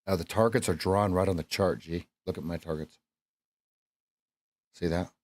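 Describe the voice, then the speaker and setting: Low-voiced man talking through live trades. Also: steady tone, moderate pace. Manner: chatty, self-deprecating, talks to chat and himself while trading. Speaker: trading coach streaming live. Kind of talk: casual live-stream commentary.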